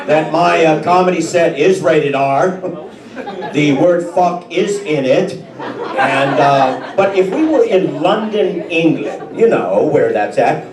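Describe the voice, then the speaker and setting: A man's voice: a little high, animated, slow. An older man performing a crude stand-up routine in a drawling, chuckling way. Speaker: stand-up comic. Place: small club with a live crowd. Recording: echoey room, mic far off, loud crowd.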